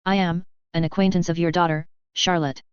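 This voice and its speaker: A reader voicing a calm, determined young man, a former mech pilot, who speaks in a measured, composed way. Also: mid-range voice, smooth, no room sound, dull audio, lightly acted.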